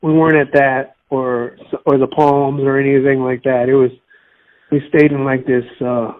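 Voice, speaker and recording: A man's voice: mid-range voice, flat delivery, moderate pace, phone-quality sound. A man from Miami chatting on a podcast, telling stories in a rambling way. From Miami, United States. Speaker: podcast co-host. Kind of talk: casual chat.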